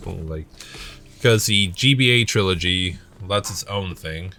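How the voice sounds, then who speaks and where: A man's voice: sits low, takes it slowly, pushed and bright, soft background music. A man co-hosting a let's play, chatting casually about games with lots of fillers, restarts and swearing. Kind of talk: casual chat while gaming.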